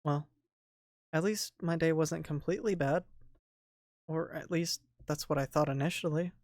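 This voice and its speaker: A voice actor voicing a lonely, hurt young woman who narrates her day softly in a visual novel dub. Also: medium pitch, fairly even intonation, moderate pace, no echo, studio quality, close to an everyday voice. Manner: soft, quiet, subdued narration.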